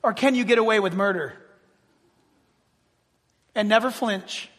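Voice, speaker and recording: Male preacher, high voice, dramatic swings from loud to hushed, in a big reverberant church. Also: measured pace. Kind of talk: sermon. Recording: long reverb of a large hall.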